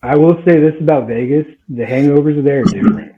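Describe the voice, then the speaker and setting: This podcast guest is a man in his twenties whose voice sits a little high and moves at a quick pace, with slight background noise on a tinny, phone-like recording. Telling his story casually, he's animated, laughs, and performs what others said.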